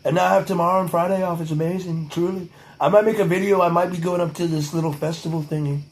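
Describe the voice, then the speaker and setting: Young male vlogger, high-pitched, casual and profane, leans on a pompous repeated "truly". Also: fairly even intonation, fast, poor audio. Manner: profane, repeats "truly", drifts into a mock-presidential cadence. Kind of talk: rambling casual monologue to camera.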